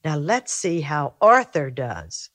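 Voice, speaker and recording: An older woman from the United States hosting a storytime, reading a picture book aloud with gentle, lively storytelling. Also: low-pitched, takes it slowly. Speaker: storytime host reader.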